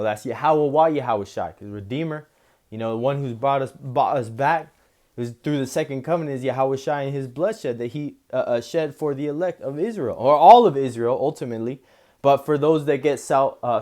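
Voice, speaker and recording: A male preacher works through scripture line by line. He gives the verses slow, deliberate weight. His commentary is relaxed and conversational, sprinkled with "you know" and "man.". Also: mid-range voice. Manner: slow solemn reading, then loose casual talk with frequent "you know" and "man".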